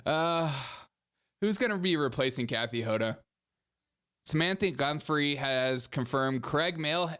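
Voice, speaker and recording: A man's voice: a little high, measured pace, a bit bright, smooth. A young man hosting a comedy show, riffing sarcastically on the news and laughing often. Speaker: podcast host. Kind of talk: comedic political commentary.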